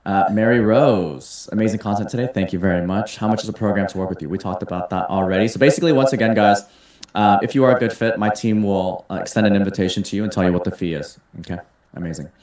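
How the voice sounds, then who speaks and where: A man's voice: on the low side, fast talker, a little mellow. A man hosting a live webinar, reading out audience questions and answering them in an upbeat, salesy way. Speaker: webinar host and mentor. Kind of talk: casual webinar Q&A. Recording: roomy echo.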